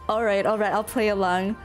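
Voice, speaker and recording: A young woman streamer chatting casually over a game, swearing freely and answering her chat. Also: fairly high pitch. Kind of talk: casual gaming commentary.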